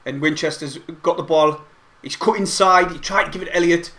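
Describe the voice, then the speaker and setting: A man giving excitable, rambling play-by-play of a match from home, as host of a fan watch-along. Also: on the high side, moderate pace. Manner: excitable, rambling fan commentary with mild swearing. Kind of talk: casual live play-by-play commentary. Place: at home, not at the stadium.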